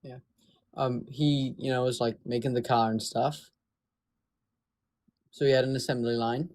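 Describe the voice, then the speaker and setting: A man calmly debating in a casual chat, earnest and a bit halting. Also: mid-range voice. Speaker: guest debater.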